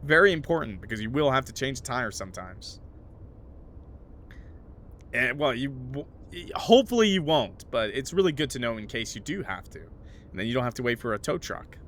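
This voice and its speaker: A man's voice: medium pitch, animated, moderate pace, fairly bright tone. A man streaming a horror game from his home room at the PC, chatting with viewers, joking and reading the game's narration aloud. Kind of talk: casual livestream commentary and reading game text. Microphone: desk mic with noise suppression.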